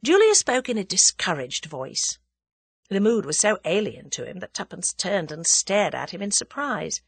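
A woman's voice: mid-range voice, sing-song, moderate pace, slightly rough, no echo. A woman reading a novel aloud as an audiobook narrator, telling the story expressively. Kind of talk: scripted narration.

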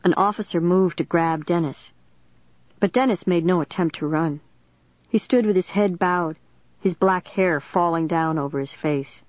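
A woman narrating an audiobook in a steady, clear storytelling manner. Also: on the low side, moderate pace, no echo. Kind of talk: scripted narration. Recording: dull, dry studio recording.

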